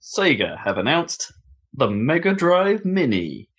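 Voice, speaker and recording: A man co-hosting a casual gaming podcast, chatty and quick to laugh, often trailing off and restarting. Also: fairly high pitch, sing-song, a bit bright, husky. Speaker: podcast co-host. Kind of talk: casual chat.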